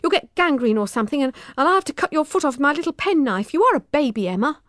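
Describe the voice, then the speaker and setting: A woman voicing a stubborn, sharp-tongued young girl who snaps at her friend. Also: high voice, animated, brisk, no room sound, studio quality, pitched above the performer's own voice. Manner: sharp and snappish.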